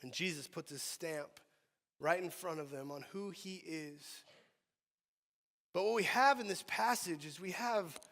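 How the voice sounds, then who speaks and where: A man preaching a sermon as pastor, animated, swinging between quiet stretches and loud outcries. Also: on the high side, a little slow, long reverb tail. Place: church sanctuary.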